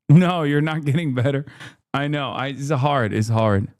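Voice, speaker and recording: A man's voice: medium pitch, slow, a little mellow, dry recording, studio quality. A man streaming live, reacting with crude, sarcastic commentary and frequent laughter.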